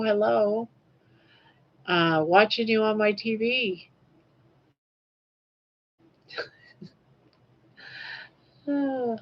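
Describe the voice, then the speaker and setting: Slow-talking grandmother on a dull lo-fi stream. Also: medium pitch. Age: 60s. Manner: warm-hearted, emotional, chatty with viewers. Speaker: livestream host. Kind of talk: casual livestream chat, reading viewer comments.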